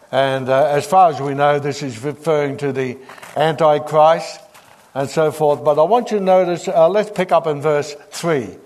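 Male preacher, slightly high voice, teaching sermon with scripture reading and questions to the congregation. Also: a little mellow.

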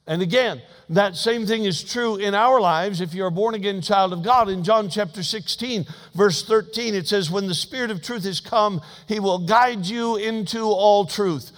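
A man preaching a sermon as pastor, folksy and humorous, swinging between emphatic loud passages and hushed asides. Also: high-pitched, moderate pace, few pauses, big-room sound.

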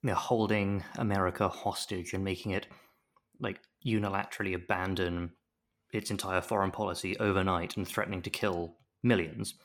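Lively man, lowish voice. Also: moderate pace. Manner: animated, jokey, acts out quotes in voices. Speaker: podcast co-host recapping a TV episode. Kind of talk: casual chat.

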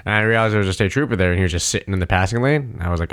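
A man in his thirties with a somewhat low voice tells a personal story in loose, casual chat. He rambles, restarts, and fills gaps with "like" and "uh". He drops the odd swear word along the way. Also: racing, a bit bright. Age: 30s. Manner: rambling, filler-heavy, swears freely.

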